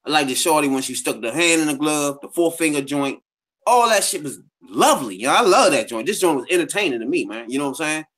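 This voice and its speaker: A podcast co-host chats casually, his voice on the high side, animated, fast and fairly bright. He talks in a loose, slangy manner, packed with repeated filler phrases.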